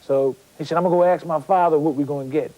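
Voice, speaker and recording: A former boxer recounting old fights in an interview, in a somewhat high male voice. His speech is halting and full of repeated words. A faint ambient hiss sits behind him. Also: steady tone, mellow, low-quality recording. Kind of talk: interview storytelling.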